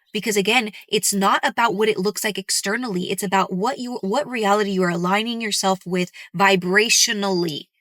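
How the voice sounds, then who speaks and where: A woman's voice: medium pitch, fairly bright tone, no room sound, clean studio sound. A woman hosting a podcast, giving an earnest, emphatic motivational monologue and repeating key phrases. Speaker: podcast host.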